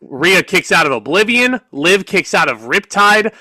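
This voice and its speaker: A man's voice: high-pitched, very animated, measured pace, sharp tone, no echo, rough recording. A young man co-hosting a podcast, chatting casually and with a bit of profanity in fan slang. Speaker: podcast co-host. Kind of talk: casual chat.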